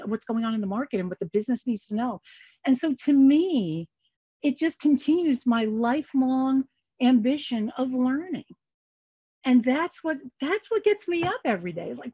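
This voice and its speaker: A woman's voice: a little high, husky, no room sound. An older woman, a guest economist, telling stories in a casual podcast interview and acting out the dialogue she quotes. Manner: animated, acts out quoted dialogue. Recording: muffled lo-fi sound.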